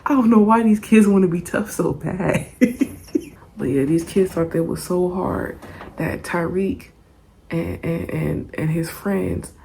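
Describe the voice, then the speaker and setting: A young woman telling a story in a casual storytime vlog, animated and profane, laughing often. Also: on the low side, creaky.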